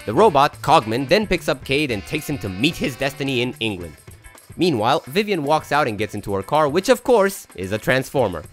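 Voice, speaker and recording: A man's voice: medium pitch, sing-song, fairly quick, faint music behind. A man narrating a comedic movie recap with sarcastic, jokey asides.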